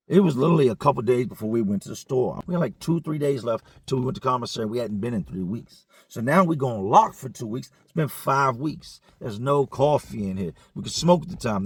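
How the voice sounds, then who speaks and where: A man's voice: mid-range voice, breathy edge, no room sound. A man telling a story casually, in profane, slangy conversational speech.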